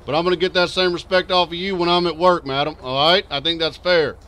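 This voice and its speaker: A man's voice: on the high side, fairly even intonation, fast talker, pushed and bright. A man playing a stern, profane state trooper in a game role-play, formal and lecturing. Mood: firm. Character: stern, foul-mouthed male state trooper. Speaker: streamer playing a police officer.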